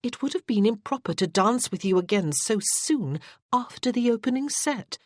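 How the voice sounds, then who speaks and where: A narrator voicing a spirited, sharp-tongued young noblewoman in an audiobook. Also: medium pitch, expressive, moderate pace, no echo, clean studio sound, pitched above the performer's own voice, natural voice. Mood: sharp reproof. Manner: crisp and reproving. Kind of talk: audiobook character voice.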